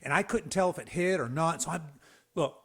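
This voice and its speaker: A man in his fifties from the Southeastern US hosts a podcast, telling a story in a casual, folksy, animated way with lots of restarts and laughs. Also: fairly high pitch, brisk, breathy edge. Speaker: podcast host.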